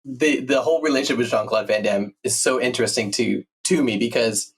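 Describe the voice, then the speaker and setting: Male podcast host, husky voice, eager fan. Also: medium pitch, brisk. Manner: enthusiastic fan, laughs along. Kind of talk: casual interview chat.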